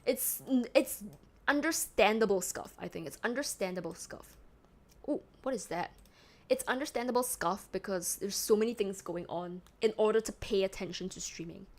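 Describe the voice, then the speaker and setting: A woman's voice: mid-range voice, normal speed. A young woman from Singapore with a toned-down Singaporean accent, chatting casually on a live stream, rambling and self-mocking as she reads chat aloud. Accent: Singaporean English, toned down.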